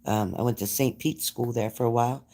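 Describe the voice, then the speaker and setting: Warm and steady at a medium pitch, a New Jersey livestreamer talks a little fast while he goes through comments from his audience and replies. It's relaxed, chatty stream talk.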